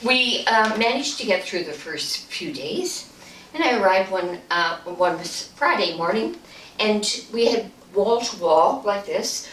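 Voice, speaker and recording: A woman giving a storytelling speech at a club meeting, acting out the voices and dropping to a hush for punchlines. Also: medium pitch. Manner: animated, acts out voices, hushed at punchlines. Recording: echoey room, distant mic, faint noise.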